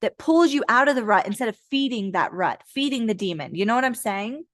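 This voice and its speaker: Blunt and profane, a young tarot reader runs a laid-back live session, mimicking her listeners in rapid, squeaky voices. She speaks with lively intonation, and the studio-quality recording has no echo.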